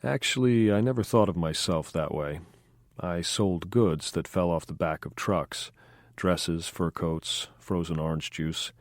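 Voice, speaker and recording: Male narrator as cool ex-crook, laconic, deep dry voice. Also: no room sound. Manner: calm, laconic, unhurried. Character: cool, street-smart former gangster man. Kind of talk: audiobook dialogue.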